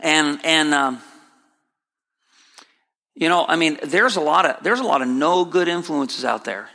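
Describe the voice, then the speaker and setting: A man's voice: a little slow, vocal fry, bright, forceful tone. Emphatic preacher man in a reverberant hall. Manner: emphatic, repeats key phrases, rising to high pitch for emphasis. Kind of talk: sermon. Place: church sanctuary, broadcast on air.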